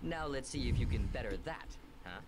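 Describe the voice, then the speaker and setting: A man's voice: mid-range voice, lively intonation, brisk, close to an everyday voice. An actor playing a boastful male elf ambassador in a game cutscene, mocking and theatrical. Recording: game audio with loud noise.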